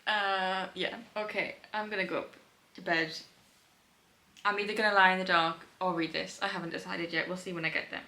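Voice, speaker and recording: A woman's voice: lowish voice, steady tone, brisk, pushed and bright, rough recording. A young woman chatting casually about her reading at home, laughing often and sounding tired. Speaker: book vlogger. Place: home indoors.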